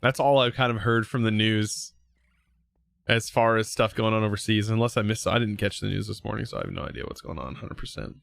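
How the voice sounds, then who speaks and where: A young man live streaming, chatting casually with viewers in a relaxed, rambling way full of fillers and restarts. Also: mid-range voice, no echo. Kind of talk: casual chat reading viewer comments.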